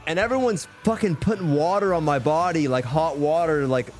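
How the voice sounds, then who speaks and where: Profane young man, animated and high-voiced. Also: a little fast, soft background music. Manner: profane, animated, heated retelling. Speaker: streamer. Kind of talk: casual storytelling on a live stream.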